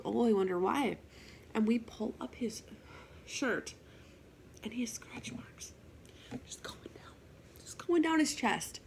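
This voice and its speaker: A young woman with a gravelly, fry-laden voice at a mid pitch tells a ghost story, chatty and animated. A faint noise hums under the recording. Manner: chatty, animated retelling with swearing and asides. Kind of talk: casual storytime vlog.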